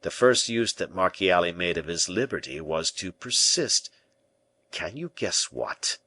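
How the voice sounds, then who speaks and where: A man voicing a calm, self-possessed schemer in an audiobook, persuading and giving orders with smooth assurance. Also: deep voice, unhurried, no room sound, heavily acted. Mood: confiding, stern. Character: cool, scheming male musketeer-bishop. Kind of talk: audiobook character reading.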